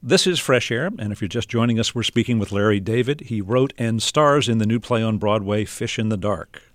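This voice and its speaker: A man hosting a radio interview, introducing clips in a measured way with small hesitations. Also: lowish voice, no echo, clean studio sound. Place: radio studio.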